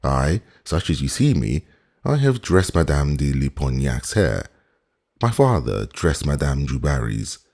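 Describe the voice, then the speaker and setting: A man voicing a proud, gossipy wig maker in an audiobook, theatrical and fawning, in a very deep, husky voice. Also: big pitch swings, a little slow, darkish tone, heavily acted. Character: fussy old-regime male wig maker, proud and gossipy.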